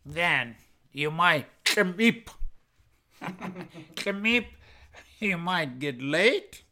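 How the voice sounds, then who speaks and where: Very slow, bright-voiced vocabulary teacher. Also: mid-range voice, lively intonation, slight background noise. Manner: says each native word, repeats it, then defines it with several English synonyms; plain, patient explaining with soft asides and small laughs. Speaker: language teacher. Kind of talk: vocabulary lesson.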